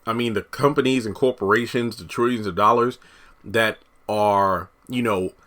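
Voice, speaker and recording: A man with a slightly low voice talks through a TV episode in a loose, chatty way. He gets animated, laughs easily and slips into the characters' lines as he recaps them. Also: moderate pace. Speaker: TV episode reviewer. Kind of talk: casual spoken commentary.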